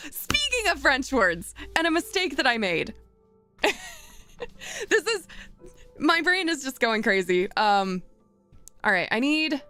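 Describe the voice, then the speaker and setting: A woman's voice: fairly high pitch, sharp tone, clear, resonant tone. A woman streaming as a VTuber, chatting casually and rambling as she thinks aloud while working, often laughing. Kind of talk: casual live-stream chat.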